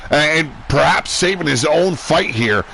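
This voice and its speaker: A man's voice: on the high side, lively intonation, unhurried, gravelly, sharp tone, slightly rough. A man giving casual, profane play-by-play commentary on a wrestling video game, joking and irreverent. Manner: crude, irreverent, joking banter.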